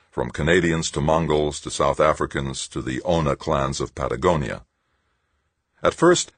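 A man narrating an audiobook in a steady, measured reading. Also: very deep voice, breathy edge, dry recording. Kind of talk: scripted narration.

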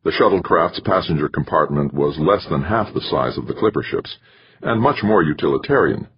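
A man narrating an audiobook in a steady, measured reading. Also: very deep voice. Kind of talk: scripted narration. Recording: dull lo-fi recording.

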